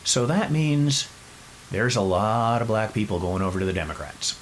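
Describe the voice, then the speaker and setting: Low-voiced man telling a story with wry asides. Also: moderate pace, slight background noise, low-quality recording. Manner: animated, chatty, wry asides. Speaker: podcast host. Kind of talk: casual storytelling.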